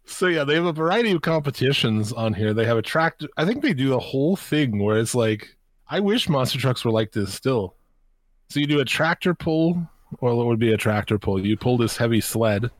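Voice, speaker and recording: A man chats through a watch-along in an easygoing, profane way, laughing as he explains. His voice sits at an ordinary pitch, with a close, dry recording. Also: animated, fairly quick, no room sound. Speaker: co-host of a watch-along show. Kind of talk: casual chat.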